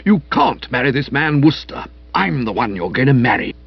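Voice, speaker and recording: A man reading aloud and voicing a domineering, blustering man with a husky, emotional voice, on a dry, slightly muffled recording. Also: mid-range voice, big pitch swings, a little fast, faint music behind, exaggerated voice.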